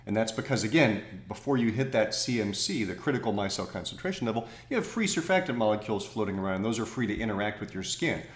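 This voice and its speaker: A man's voice: lowish voice, animated, fast, few pauses, roomy sound. A man co-hosting a podcast, explaining cosmetic chemistry thoughtfully, correcting himself and slipping in jokes. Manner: thoughtful, self-correcting, jokey asides. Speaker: podcast co-host. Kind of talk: casual science chat.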